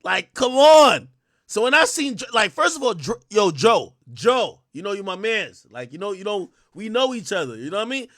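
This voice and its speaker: Male streamer host, bright high voice swinging wildly, loud profane rants to chat, dry close sound. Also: normal speed, no echo. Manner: loud, excitable, shouts and laughs often; profane, addresses chat directly. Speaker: livestream host. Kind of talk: casual livestream rant.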